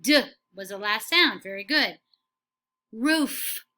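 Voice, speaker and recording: A woman leads young children through a phonics lesson, saying each word slowly and clearly before praising them. Her voice sits a little high and sounds bright and crisp. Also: expressive. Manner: slow, clearly enunciated, encouraging praise. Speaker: kindergarten teacher.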